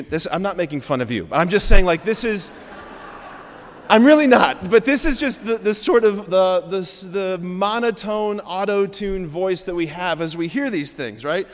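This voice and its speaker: A Catholic priest giving a Sunday homily in an animated way, often checking in with the congregation by asking "right?". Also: male voice, high-pitched, moderate pace. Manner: animated, frequent "right?" asides. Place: large church. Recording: reverberant church hall.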